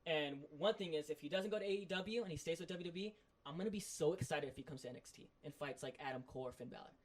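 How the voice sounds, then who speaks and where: Fast, rambling male podcast co-host. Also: a little high. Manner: excited rambling recap full of "like". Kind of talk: casual chat.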